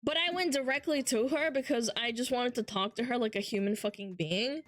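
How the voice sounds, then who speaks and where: A woman with a fairly high voice streams as a VTuber and talks casually into her headset. She is animated and swears freely. Faint music plays underneath. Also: brisk.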